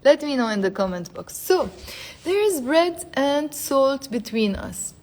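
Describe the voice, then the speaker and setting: Higher-voiced woman teaching a live lesson. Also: animated, darkish tone. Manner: repeats phrases slowly, coaxes viewers to say them aloud. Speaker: Arabic teacher. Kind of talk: live online language lesson.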